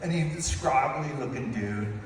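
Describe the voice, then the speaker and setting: Dad in his 50s teasing through a wedding toast, slightly high voice, big echoey hall, far off mic. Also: lively intonation, moderate pace. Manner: playful, teasing, acts out voices. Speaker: father of the bride giving a toast. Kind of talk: comic wedding speech storytelling. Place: large wedding reception hall. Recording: echoey hall, distant mic, room noise.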